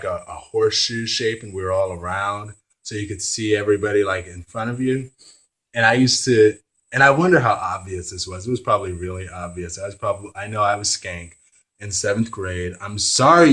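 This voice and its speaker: Candid, rambling man with a lower voice. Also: sharp tone, low-quality recording. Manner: candid, rambling, self-deprecating, apologetic asides. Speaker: vlogger. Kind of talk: casual vlog monologue.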